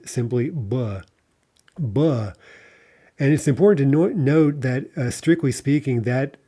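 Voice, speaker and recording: A man's voice: mid-range voice, warm tone. A man giving a video lesson, explaining at length with many fillers and frequent "right?" checks. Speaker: language teacher.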